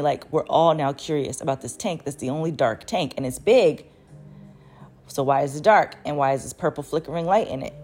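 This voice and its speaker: An adult woman telling a personal story in a casual, animated way, swearing freely and laughing often as she talks. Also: fairly low pitch. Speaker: vlogger.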